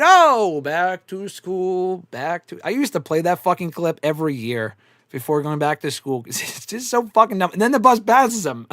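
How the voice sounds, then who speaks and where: Animated, swearing live-stream host. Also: male voice, high voice, no room sound, studio quality. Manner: swears often, laughs a lot, animated and rambling. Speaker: host answering live chat. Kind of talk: casual live-stream chat.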